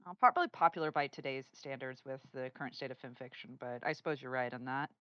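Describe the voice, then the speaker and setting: A woman's voice: rumbling low, quick pace, dry recording. A woman co-hosting a casual podcast, playful and joking, then asking interview questions. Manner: playful, lively, drops to a hushed tone for jokes. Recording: dull lo-fi dry sound.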